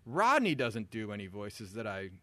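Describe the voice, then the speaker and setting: A man co-hosting a podcast, trading crude jokes in casual banter and breaking into loud laughs. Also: lowish voice, moderate pace, no room sound. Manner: animated, laughing, loud bursts. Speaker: podcast co-host.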